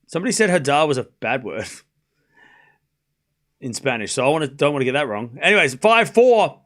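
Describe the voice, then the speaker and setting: A man's voice: mid-range voice, big pitch swings, normal speed, fairly bright tone. A man casually commentating a live tennis match on a stream, joking and chatting with viewers. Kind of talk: casual watchalong play-by-play.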